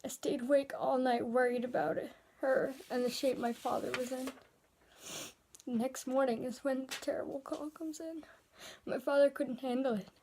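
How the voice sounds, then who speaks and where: A woman narrating a dark first-person story in a soft, hesitant voice that often drops into a whisper. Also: high-pitched, steady tone, moderate pace, a little hiss or hum.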